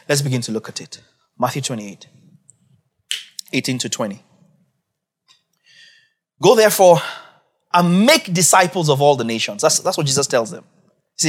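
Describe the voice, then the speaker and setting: A man preaching a sermon as pastor, emphatic and repetitive, building to raised, shouted peaks. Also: mid-range voice, husky. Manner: emphatic, repeats key phrases, rising to shouts.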